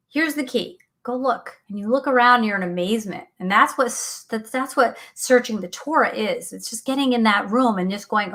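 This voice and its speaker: A woman's voice: a little high, lively intonation, moderate pace, sharp tone. A middle-aged woman hosting a faith talk show, speaking earnestly and animatedly, often laughing, reading out listener comments. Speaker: radio show host.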